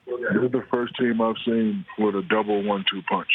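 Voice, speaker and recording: A middle-aged man with a low voice, chatting in a relaxed way and often repeating words. He calls in from his kitchen, and the sound is thin and tinny like a phone line. A faint hiss sits under him. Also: normal speed. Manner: laid-back, repeats words while finding his point. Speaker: guest on phone. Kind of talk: casual chat. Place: home kitchen.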